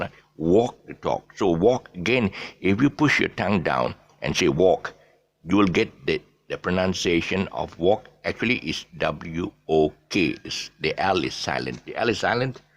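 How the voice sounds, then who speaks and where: A middle-aged man, giving an off-the-cuff pronunciation lesson, repeating each word many times and drifting into soft asides. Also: low voice, vocal fry. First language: Eurasian family speaking English as mother tongue. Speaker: English pronunciation teacher.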